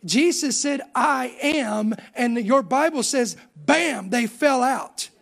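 High-voiced animated preacher man. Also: slow pace. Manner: animated storytelling preacher, voice rising on emphasis. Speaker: pastor. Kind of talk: sermon.

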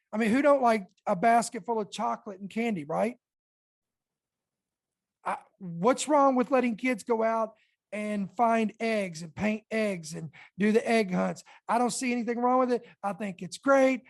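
A woman hosting a Christian podcast, talking earnestly and reading her notes slowly, with emphatic stresses. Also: a little high, creaky, darkish tone. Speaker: podcast host. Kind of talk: Christian podcast commentary, partly read aloud. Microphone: podcast microphone.

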